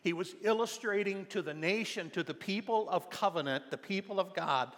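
An older man preaching a sermon, telling a family story in a conversational way and then rising to loud, impassioned preaching. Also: sits high, moderate pace, hardly any pauses. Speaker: pastor. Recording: long hall reverb.

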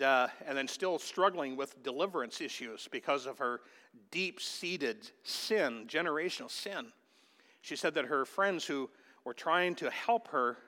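A man's voice: fairly high pitch, bright, forceful tone. A man preaching a sermon as pastor, emphatic and calling out to the congregation. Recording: long hall reverb.

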